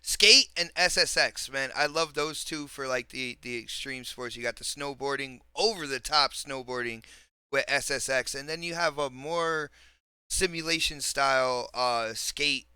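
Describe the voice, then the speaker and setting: Bright, crisp, excitable man. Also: medium pitch, no room sound. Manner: excitable, quick bursts, laughs often, slangy. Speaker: podcast host. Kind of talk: casual gaming chat.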